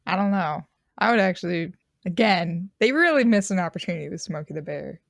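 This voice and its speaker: A woman's voice: lowish voice, lively intonation, brisk, gravelly, dry recording, clean studio sound. A woman in a casual podcast chat, joking and rambling. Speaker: podcast co-host.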